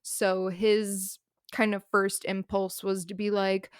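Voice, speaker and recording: A young woman casually recapping a novel's plot in a chatty, animated way, full of fillers. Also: mid-range voice, slow, clean tone, dry recording, clean studio sound. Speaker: book reviewer.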